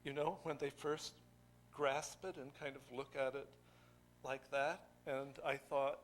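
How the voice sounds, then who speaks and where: An older man giving a poetry craft lecture to an audience, musing and digressive, thinking aloud with pauses. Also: medium pitch, steady tone, slight background noise.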